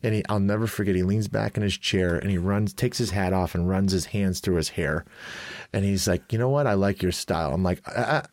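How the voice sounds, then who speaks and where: Man, podcast host, from Chicago, low voice, animated storytelling, dry close recording. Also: a little fast, no room sound. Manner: animated, laughing storyteller who acts out quotes. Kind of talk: casual storytelling chat.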